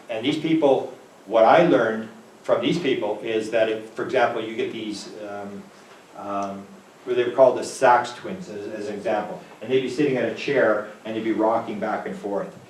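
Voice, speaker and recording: A man's voice: on the low side, moderate pace, darkish tone. A man from Manitoba, Canada, giving a rambling, conversational talk, acting out the voices in his stories. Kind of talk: rambling lecture storytelling. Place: talk venue room. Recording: roomy distant mic with faint background noise.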